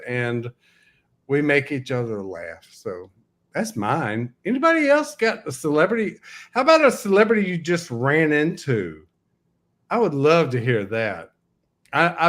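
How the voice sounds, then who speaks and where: A man in his sixties hosts a casual livestream, spinning stories in a wry, joking way. His voice sits at an ordinary mid pitch. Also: a bit bright. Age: 60s. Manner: chatty storyteller, wry and joking.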